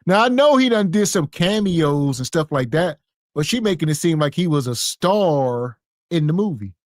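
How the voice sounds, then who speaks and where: A man's voice: fairly high pitch, animated, moderate pace, no room sound, studio quality. A man co-hosting a podcast, making wry, sarcastic jokes in reaction commentary. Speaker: podcast co-host.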